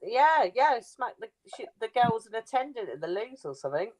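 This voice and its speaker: A woman chatting on a live call, giggling and quick to laugh. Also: a little high, very animated, a crowd in the background. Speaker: live panel guest. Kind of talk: casual chat. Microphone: online call.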